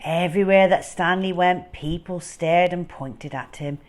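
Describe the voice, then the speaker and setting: A woman reading a children's storybook aloud, expressive and unhurried. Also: fairly low pitch.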